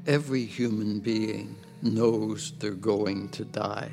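An older man telling his personal testimony in a slow, reflective way over soft music. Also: fairly low pitch, steady tone, vocal fry. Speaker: church member giving testimony. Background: soft instrumental music.

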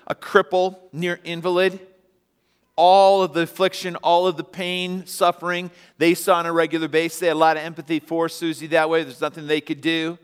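Man, pastor, sermon, animated storytelling, calls on the congregation, slightly high voice, long church reverb. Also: brisk, clear, resonant tone. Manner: animated storyteller, rising to emphatic peaks; asks the congregation to answer and respond. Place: church sanctuary.

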